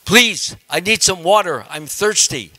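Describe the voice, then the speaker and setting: A man's voice: high voice, animated, a little slow, sharp tone, in a large hall, pitched above the performer's own voice, heavily acted. A man speaking as an angry young king in a retold scripture story, raising his voice in demands. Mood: demanding.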